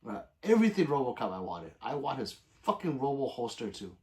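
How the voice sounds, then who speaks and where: A man's voice: mid-range voice, sing-song, a little fast, a little mellow. A man hosting a livestream, reading viewer comments aloud in loose, profane casual chat and plugging subscriptions. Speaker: livestream host.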